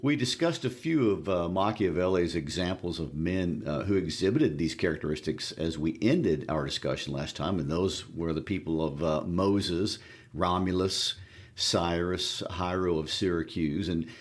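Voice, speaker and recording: A man with a very low, deep voice co-hosts a book discussion podcast. He talks in a relaxed, unhurried way, often pausing on small fillers as he gathers his thoughts. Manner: relaxed, hesitant with frequent fillers. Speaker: podcast co-host. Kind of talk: casual literary discussion.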